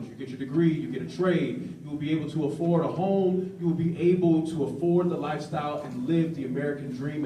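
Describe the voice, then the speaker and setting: Man, political candidate, measured rhetorical speech, mellow tone, roomy echo from afar. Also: a little high, slight background noise. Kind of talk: campaign stump speech. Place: public forum hall. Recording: echoey room, distant mic.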